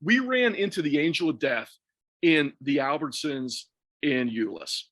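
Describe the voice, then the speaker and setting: A man with a voice on the higher side tells a story in loose, swearing podcast chat. He keeps cracking himself up between sentences. The sound is dry and close, with no room in it. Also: measured pace, no room sound. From Texas. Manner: animated, profane, laughs through his own story. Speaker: podcast co-host or guest.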